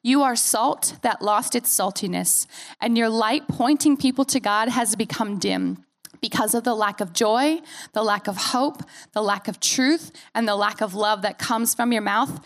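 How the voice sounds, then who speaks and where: American lady pastor giving a sermon, kinda high voice, earnest and animated. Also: unhurried. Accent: American, softened by years in Australia. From United States. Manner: earnest, animated preaching with playful asides.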